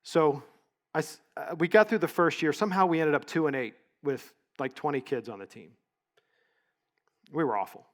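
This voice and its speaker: A middle-aged man speaking at a leadership event and telling stories in a relaxed, conversational way, sometimes catching and correcting his own words. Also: a little high, normal speed. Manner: conversational, story-driven, with small self-corrections. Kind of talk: storytelling keynote talk. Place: event stage.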